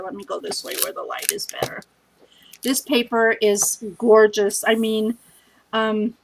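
A woman's voice: fairly high pitch, a bit bright, a little hiss or hum, rough recording. A tired woman hosting a scrapbooking challenge vlog, chatting in a casual, scattered, self-deprecating way at home.

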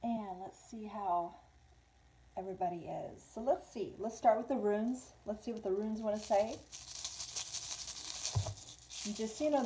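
A woman's voice: medium pitch, dark tone, slight background noise, low-quality recording. A woman casually chatting through a live tarot reading, mixing English with Spanish phrases. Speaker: tarot reader. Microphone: small clip-on mic.

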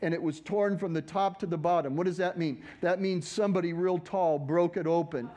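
Male preacher, high voice, fervent sermon, voice cracking, builds to loud calls. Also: fairly even intonation, fairly quick, lo-fi sound. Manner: fervent, rising to loud exhortation. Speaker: pastor.

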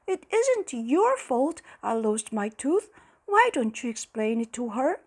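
Eager little boy, high and loud, voiced by a woman. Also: slow, breathy edge, full character voice. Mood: indignant. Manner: excited, shouting. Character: bold cheerful young schoolboy.

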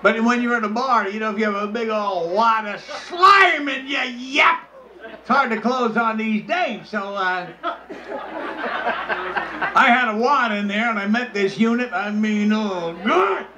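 A male comedian telling a raunchy story in a loud, brash delivery, breaking into shrieks. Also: high voice, unhurried. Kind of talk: stand-up storytelling. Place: crowded bar. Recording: noisy crowded bar.

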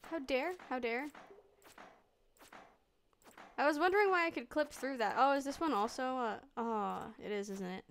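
With a high voice, lively intonation and a brisk delivery with few pauses, a young woman streams a game and comments casually. She talks to herself playfully and slides into mock old-fashioned phrases, faint game music playing behind.

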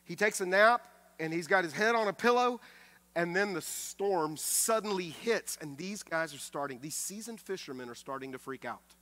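A male pastor delivers a sermon in a bright, forceful voice pitched a little high. He preaches with emphasis, dropping to a hush and then rising again. He often repeats a word as he restarts a thought. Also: animated, normal speed. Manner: emphatic preaching that swings from loud to hushed; acts out quoted speech with raised voice.

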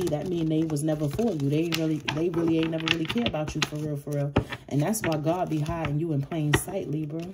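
Woman w/ aave doing a tarot reading, low voice, cusses a lot, noisy background. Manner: blunt, profane, chuckles nervously. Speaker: tarot reader. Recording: audible background noise.

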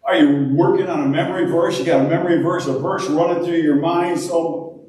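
A man preaching a sermon as pastor, acting out prayers and complaints with a lively, rising voice. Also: on the high side, fairly quick, very echoey, far from the mic, poor audio. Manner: animated, acts out prayers in a raised voice.

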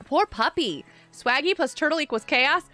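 A woman's voice: high voice, animated, normal speed, bright, forceful tone, faint music behind. A woman chatting casually on a gaming live stream from a carpeted room at home, giggly and laughing often.

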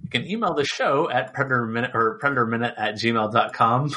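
A man hosting a podcast, chatting in a relaxed, rambling way with plenty of fillers. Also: mid-range voice, fairly quick. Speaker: podcast host. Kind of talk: casual chat.

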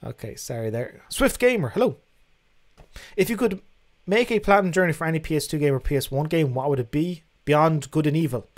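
A man's voice: a little high, expressive, fairly quick. A young man hosting a casual livestream, reading out viewer questions and answering them in a frank, chatty way that includes casual swearing. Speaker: livestream host.

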